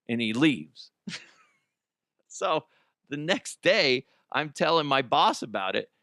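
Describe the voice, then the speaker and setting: Male podcast host, casual storyteller, lively swooping pitch, bright forward tone, dry close sound. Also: a little slow, gravelly, pauses often, no echo. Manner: animated, profane, laughs at own stories.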